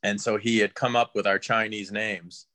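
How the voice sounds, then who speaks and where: A man's voice: on the low side, flat delivery, moderate pace, bright, forceful tone. A man guest on a podcast, telling a casual story and laughing as he goes. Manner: laughs through his story.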